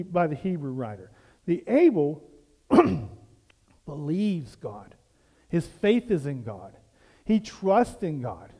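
A man's voice: high-pitched, warm tone, big-room sound. A man preaching a sermon as pastor, building emphasis through repeated questions and phrases. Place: church sanctuary.

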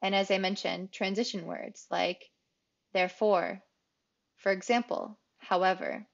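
A woman English teacher explaining grammar rules in a clear, explanatory way, repeating key phrases for emphasis. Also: medium pitch, fairly even intonation, a little slow, dull audio. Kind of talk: grammar lesson.

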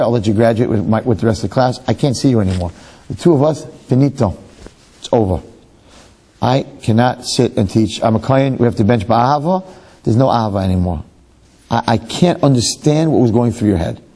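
A man's voice: mid-range voice, mellow, slightly rough. A man, a rabbi giving a lecture, telling a story animatedly with rhetorical questions and self-mocking humor.

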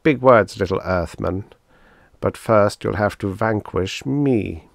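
A man's voice: on the low side, slow, creaky, no room sound. A man voicing a mocking giant male alien swordsman, scornful and taunting.

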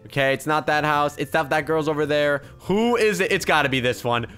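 A young man giving excited gameplay commentary as a video host, jumping between hushed muttering and sudden shouts. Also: a little high, a little fast, soft background music. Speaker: gaming YouTuber.

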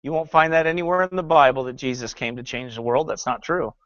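A man preaching with fervor and biting sarcasm, a pastor taking apart a film's message line by line. His voice sits a little high for a man. The sound is dry and somewhat dull, as if recorded on modest gear in a dead room. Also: fast talker, fairly bright tone, no echo. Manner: sarcastic, fervent preaching with scripture reading. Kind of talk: sermon critiquing a film.

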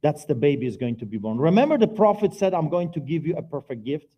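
A middle-aged man preaching a personal testimony at a church service, earnest and by turns quiet and forceful. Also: fairly high pitch, sing-song, fast talker, highs cut off. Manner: earnest, swings between quiet and loud. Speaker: guest preacher giving testimony. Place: church sanctuary, live service.

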